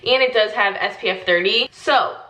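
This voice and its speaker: A young woman with a slight Southern US accent chats through a makeup vlog, her voice still rough with morning. She talks easily, full of "like" fillers. The bathroom around her gives the sound an echoey ring. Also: medium pitch, moderate pace, bright, forceful tone. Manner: chatty, many "like" fillers, laughs often. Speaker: beauty vlogger. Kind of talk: casual chat. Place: bathroom at home.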